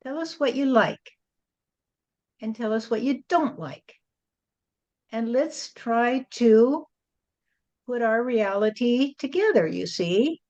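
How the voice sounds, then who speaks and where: A woman's voice: fairly high pitch, a little mellow, dull audio. A woman channeling a spirit and speaking as God, blunt and lecturing, often adding "you see".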